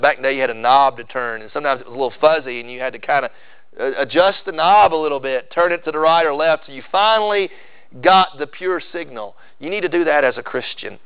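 A man preaching a sermon with emphatic delivery, swinging into loud, high bursts on key phrases. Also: clean tone, muffled recording. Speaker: pastor.

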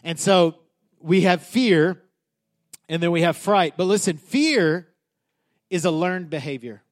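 Pastor guy in his 30s preaching, high voice, casual and emphatic, keeps restarting sentences. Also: expressive, takes it slowly. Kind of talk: sermon.

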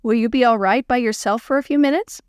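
A woman's voice: on the high side, fast, clean tone, dry recording, studio quality, natural voice. Woman as a patient church teacher. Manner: patient, gently instructive. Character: calm adult woman children's church teacher.

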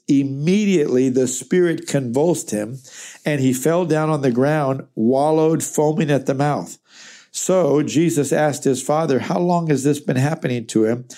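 A man teaching through a Bible passage, reading the verses aloud and then breaking them down. His voice is mellow and warm, and his delivery is earnest and emphatic while still sounding like he is talking to you. He sits at a middling pitch. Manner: earnest, emphatic, reads scripture then explains it conversationally.

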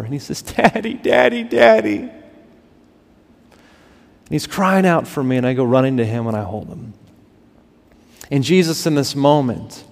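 Man preaching in a reverberant hall. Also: mid-range voice. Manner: dramatic swings between loud emphasis and hushed, drawn-out words. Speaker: pastor. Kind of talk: sermon. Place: church sanctuary.

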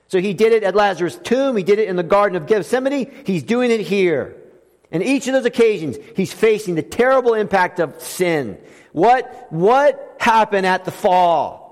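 A man preaching a sermon as pastor, swinging between loud emphatic lines and soft hushed ones. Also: high voice. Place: church sanctuary. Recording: long reverb of a church hall.

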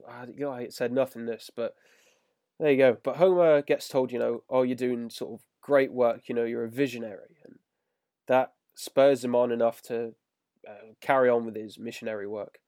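A man's voice: mid-range voice, steady tone, normal speed, dark tone, no room sound, clean studio sound. A man co-hosting a podcast, casually and grumpily picking apart a cartoon episode. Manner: grumbling, exasperated critique. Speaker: podcast co-host. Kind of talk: casual episode review chat.

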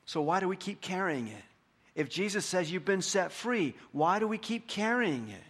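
Fervent preaching man, slightly high voice. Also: big pitch swings, moderate pace. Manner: emphatic, rising to fervent peaks then dropping soft. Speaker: pastor. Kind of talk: sermon.

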